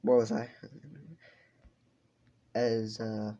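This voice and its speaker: A man's voice: on the low side, monotone, drawn-out words, warm tone, muffled recording. A man telling a story in a casual, improvised way. He rambles, swears and breaks off for asides.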